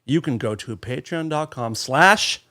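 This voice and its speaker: A man's voice: mid-range voice, lively intonation, unhurried, sharp tone. Teasing male podcast co-host. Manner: joking, teasing banter. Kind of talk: casual chat.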